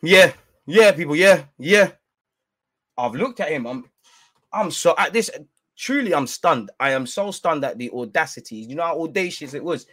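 A man telling a rambling, slang-heavy anecdote in a casual, animated way with many restarts. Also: a little high, moderate pace. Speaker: storyteller.

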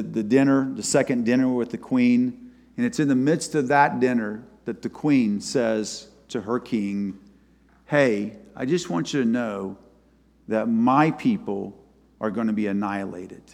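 A man preaching a sermon and retelling a scripture story, his voice swinging from loud to soft. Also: mid-range voice. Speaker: pastor. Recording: long hall reverb.

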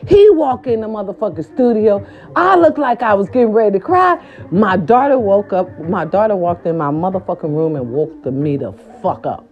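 A woman vlogger telling a story and then giving a pep talk, animated and profane, slipping into quoted voices. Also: medium pitch, moderate pace. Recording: dull lo-fi recording with faint music.

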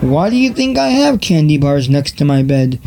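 A man's voice: a little high, very animated, normal speed, gravelly, a loud crowd. A man hosting his own podcast, rambling casually from home with profane jokes and frequent laughter. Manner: profane, laughing, jokey rants. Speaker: podcast host. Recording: loud static noise on home mic.

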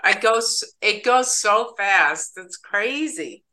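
Podcast host, woman, upbeat chatty delivery, bright tone. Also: mid-range voice, expressive, slow pace, rough recording. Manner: chatty, upbeat, stumbles over names. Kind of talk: casual interview.

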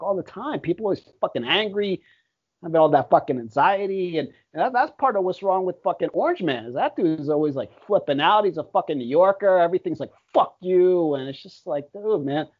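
A man's voice: a little high, husky. A young man chatting casually on a podcast, laid-back and swearing a lot. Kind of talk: casual chat. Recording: dull lo-fi audio.

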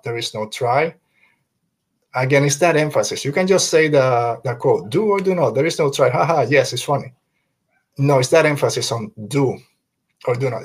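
Earnest, emphatic male podcast host. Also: mid-range voice. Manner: earnest and emphatic, repeats points for stress; loose and conversational, tags lines with "man". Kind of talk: casual fan podcast commentary.

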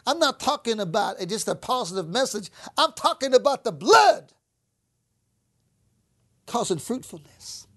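Preacher, woman with a high voice, emphatic sermon delivery that acts out the lines she quotes. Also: big pitch swings, unhurried, long pauses. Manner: emphatic, repeats phrases, acts out scripture quotes.

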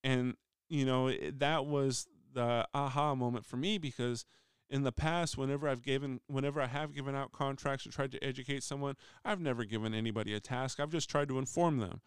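A man's voice: medium pitch, brisk, clean tone, no echo, clean studio sound. Man rambling through a work story. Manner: rambling, frequent restarts, acts out quoted voices. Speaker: union steward. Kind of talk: casual storytelling monologue. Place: voice message recording.

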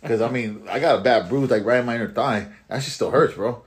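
A man's voice: mid-range voice, a little fast, noisy background. Rambling, profane man telling a story. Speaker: security guard. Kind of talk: casual chat.

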